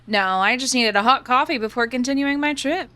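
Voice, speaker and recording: A woman reading the lines of a male investigator in a horror game, in her own plain voice, earnest and steady. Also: high voice, fairly quick, smooth.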